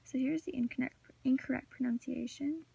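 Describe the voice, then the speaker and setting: This teenage student presenter reads a prepared class project talk, dropping in occasional fillers. Her voice sits high with fairly even intonation and a fairly quick pace, and it's mellow and husky with vocal fry, recorded from far off the mic.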